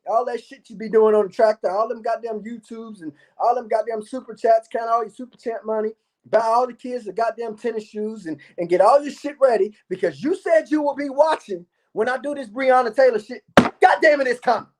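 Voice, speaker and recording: A man's voice: very high voice, a little fast. Brash, swearing man hyping up his channel. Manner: boastful, repetitive, swears a lot. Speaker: YouTube commentator. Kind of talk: profane hyped-up monologue to viewers.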